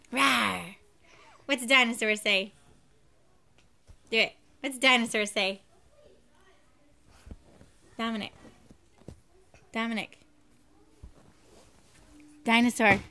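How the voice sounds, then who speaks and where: A woman's voice: a little high, steady tone, takes it slowly, long pauses, pushed and bright. A young woman filming at home with a handheld camera, coaxing her baby in sing-song baby talk.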